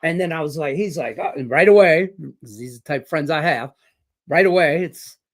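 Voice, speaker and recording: A middle-aged Detroit man hosts a sports betting podcast, his voice a little high and brisk. He chats casually and offers betting picks while rambling through a profane, filler-packed story.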